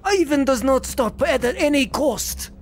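A man's voice: very high-pitched, lively intonation, measured pace, slight background noise, voice pushed up, exaggerated voice. Man putting on a Russian vodka-loving soldier. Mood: boastful. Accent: put-on Russian. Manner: broken English, loud and theatrical. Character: boisterous vodka-obsessed Russian male soldier.

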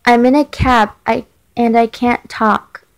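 A woman's voice: a little high, steady tone, measured pace. A woman reading as a firm, secretive mother. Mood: tense. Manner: firm, urging caution. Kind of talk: reading a chat story aloud.

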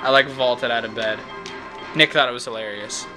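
A man's voice: mid-range voice, fairly even intonation, normal speed, music in the background, poor audio. A young man talking casually in a daily vlog, rambling and opinionated, swearing freely. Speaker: vlogger.

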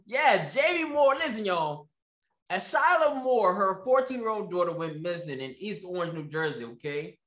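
A man's voice: high-pitched, moderate pace, roomy sound. A man hosting a ranting commentary, repeating himself and mocking his subjects. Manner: animated, repetitive, mocking. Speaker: commentary host.

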